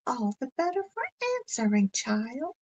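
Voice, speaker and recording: A woman voicing a sly, scheming wolf who talks in a smooth, coaxing, falsely friendly way. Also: on the high side, sing-song, a little slow, a little mellow, muffled recording, voice pushed up.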